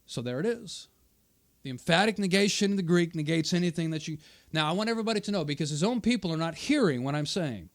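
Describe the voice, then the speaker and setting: A man's voice: fairly high pitch, expressive, fast talker. A man hosting his channel, combatively rebutting a debate opponent's quoted remarks and hammering his points through repetition. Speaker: channel host. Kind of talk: argumentative commentary on a debate video.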